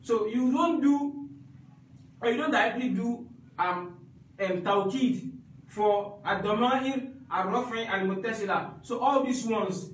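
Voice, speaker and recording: A man's voice: very high-pitched, unhurried, very echoey, recorded from a distance, slight background noise, poor audio. A man teaching an Arabic grammar class, repeating each point and checking that students follow.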